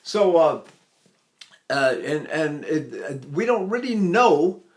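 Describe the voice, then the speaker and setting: A man's voice: fairly high pitch, sing-song, slow pace. An older man teaching singing, chatting casually and breaking into sung syllables to demonstrate. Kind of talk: vocal lesson with sung demonstrations.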